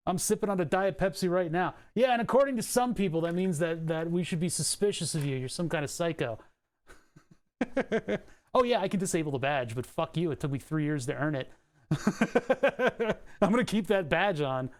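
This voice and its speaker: A man's voice: fairly high pitch, animated, moderate pace. Profane, rambling man streaming tech talk. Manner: profane, rambling, explains electronics casually. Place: desk at home.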